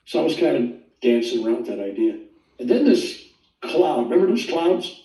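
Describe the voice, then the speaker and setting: Older man, rambling animated storyteller, mellow tone, distant mic, roomy echo. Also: medium pitch, normal speed. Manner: rambling, animated, quotes voices. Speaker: guest telling his near-death story. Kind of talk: casual storytelling interview.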